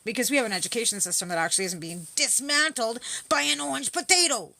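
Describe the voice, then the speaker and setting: Bright-voiced, profane Canadian woman ranting. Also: a little high, quick pace, vocal fry, no echo. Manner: profane, animated, rambling political rant. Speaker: livestream host. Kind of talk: casual ranting chat.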